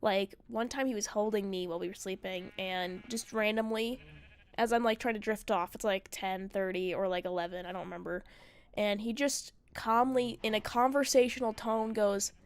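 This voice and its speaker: A woman's voice: mid-range voice, moderate pace. A woman streamer telling a story in casual chat, rambling and profane, full of "like" fillers.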